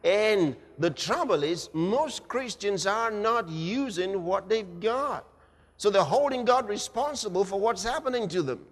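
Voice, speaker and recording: A high, bright male voice delivers an impassioned sermon, dropping low and then rising to shouts. His voice has lively pitch movement, and the long echo of a large church hall hangs behind it. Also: a little slow. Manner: impassioned, swinging from hushed to shouting. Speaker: preacher. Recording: reverberant hall.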